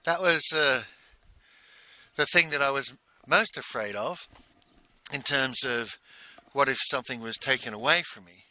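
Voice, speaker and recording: A man telling a personal story in a casual, halting way, full of restarts and repeated words. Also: medium pitch, bright, forceful tone, no echo. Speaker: speaker recounting a personal exercise.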